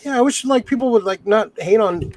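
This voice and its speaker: A man's voice: high voice, a little fast, a little mellow, rough recording. A man co-hosting a casual podcast chat, easygoing, laughing often and swearing casually. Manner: laid-back, laughs a lot, casual swearing. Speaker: podcast co-host.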